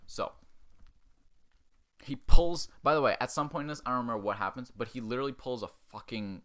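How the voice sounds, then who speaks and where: Male podcast host, lowish voice, profane and sarcastic, riffs through a film plot with quick character voices. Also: lively intonation, fairly bright tone. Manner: crude, sarcastic, acts out characters in quick asides. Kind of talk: profane comic film recap.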